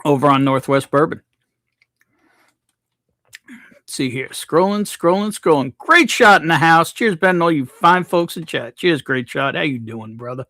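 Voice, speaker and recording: A man's voice: on the high side, expressive, unhurried, sharp tone, no echo, clean studio sound. A man hosting a casual livestream, reading out viewers' names from the chat and greeting them one by one. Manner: reads chat names aloud, laid-back. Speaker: livestream host.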